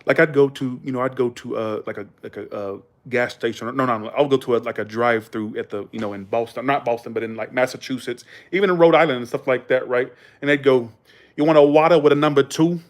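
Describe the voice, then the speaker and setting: A man's voice: medium pitch, fast, few pauses. A man from the Southern US with a Southern accent, rambling casually on a live stream, swearing freely and telling stories. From Southern United States.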